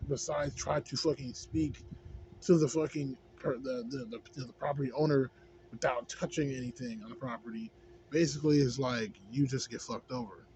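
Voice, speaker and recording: A man's voice: medium pitch, fairly even intonation, normal speed, a little mellow. A man in a casual, rambling rant, heavy on swearing and on "you know what I'm saying". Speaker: vlogger. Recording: dull lo-fi with faint background noise.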